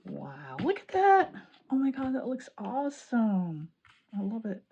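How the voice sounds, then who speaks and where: A woman from Illinois chatting excitedly while decorating her planner, laughing often. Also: fairly high pitch, slow, highs cut off. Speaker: planning vlogger. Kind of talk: chatty crafting vlog.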